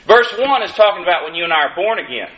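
A man's voice: high-pitched, very animated, quick pace, a bit bright. A man preaching a sermon in a folksy way, with dry humorous asides, pressing hard on key lines while the congregation answers. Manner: rises in emphasis on key lines. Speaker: pastor. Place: church sanctuary. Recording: echoey room. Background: congregation calling out amens.

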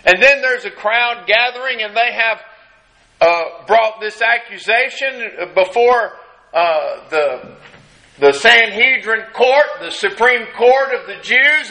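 A man preaching a sermon, retelling a scene dramatically and acting out the crowd's shouts. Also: extremely high pitch, low-quality recording. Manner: slow, drawn-out delivery with long pauses.

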